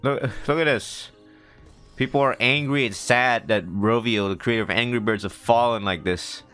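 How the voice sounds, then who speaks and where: A man giving excitable let's-play commentary, talking to himself and shouting at the game. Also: medium pitch, moderate pace, smooth, faint music behind. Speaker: gamer.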